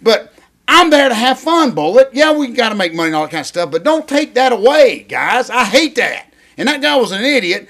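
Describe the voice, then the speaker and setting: Excitable older man ranting. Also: very high voice, fairly quick. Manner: excitable, rambling rants. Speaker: co-host, retired wrestler. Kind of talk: casual chat.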